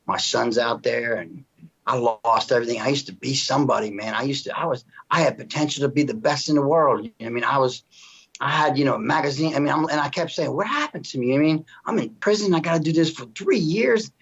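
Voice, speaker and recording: A middle-aged man tells his story as an interview guest, earnest and emotional, circling back on his words as he goes. His voice sits at an ordinary pitch for a man. The recording is dull and slightly lo-fi. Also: fast talker, vocal fry, slightly rough. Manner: earnest, emotional, with frequent restarts and "you know what I mean". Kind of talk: personal testimony in casual conversation. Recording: dull lo-fi sound.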